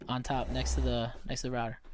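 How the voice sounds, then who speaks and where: A man's voice: medium pitch, fast talker, background noise. A man hosting a podcast from home, telling stories in casual chat, cursing freely and acting out the people he quotes. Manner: profane, animated storyteller acting out quotes. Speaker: podcast host.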